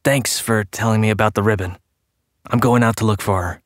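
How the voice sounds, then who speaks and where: Guy doing a worried young man in an audiobook, soft and anxious, lowish voice, dry close mic. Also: steady tone, brisk, no echo, close to an everyday voice. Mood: earnest. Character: worried young man searching for his sister. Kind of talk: audiobook character reading.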